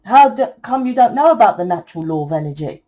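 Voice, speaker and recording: A woman's voice: mid-range voice, very animated, fast talker, dark tone. A woman giving a tarot reading, talking in a blunt, preachy, casual way and swearing freely. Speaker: tarot reader.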